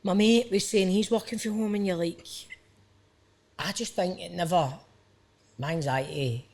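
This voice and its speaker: A man's voice: high-pitched, moderate pace, gravelly, pauses often, a little mellow. A Scottish man in his thirties, an actor talking openly on a podcast, rambling and self-questioning, peppered with "aye" and "man". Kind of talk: candid casual conversation.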